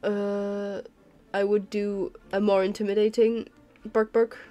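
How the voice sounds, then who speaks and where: A woman's voice: mid-range voice, flat delivery, slow, dark tone. Tired, rambling woman streamer, chatty. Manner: rambling, self-deprecating, apologetic, laughs often. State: tired and yawning. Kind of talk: casual chat while drawing.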